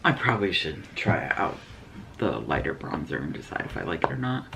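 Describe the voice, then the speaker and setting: An easygoing woman hosting a beauty unboxing video. Her voice sits remarkably low and swings up and down with lively intonation. She keeps things chatty and unhurried. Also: gravelly, very noisy. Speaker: beauty vlogger host. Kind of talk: casual unboxing chat.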